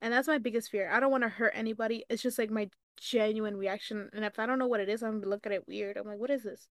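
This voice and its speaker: A young woman co-hosting a podcast, telling stories in casual chat, animated and swearing freely. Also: mid-range voice, fast talker, no echo, clean studio sound. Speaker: podcast co-host.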